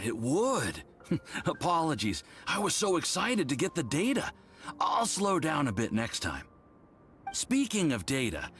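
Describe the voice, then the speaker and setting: A man's voice: fairly high pitch, a bit bright, slight background noise, heavily acted. A man voicing an eager, polite young male research assistant in a game. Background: faint game music.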